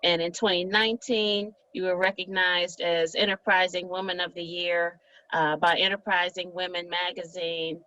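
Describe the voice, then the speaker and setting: Low-voiced woman interviewer, dull dry sound. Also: level tone, moderate pace, no echo. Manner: warm and affirming, with short encouraging replies. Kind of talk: interview hosting.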